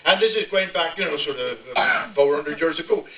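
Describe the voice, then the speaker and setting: An older man with a broad West Country burr spins a comic village yarn, chuckling as he goes. His voice sits high and carries. It comes through an echoey hall from a distant mic, with a dull, muffled sound. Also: a little fast. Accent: West Country English. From Devon, England. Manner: broad rural yarn-spinning, chuckling as he tells it. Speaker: storyteller. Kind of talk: humorous dialect storytelling. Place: village hall, live audience.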